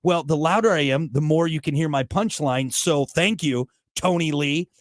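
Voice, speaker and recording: A man hosting a podcast in casual chat, ranting with animated, mock-outraged energy. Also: on the high side, moderate pace, no room sound, studio quality. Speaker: podcast host.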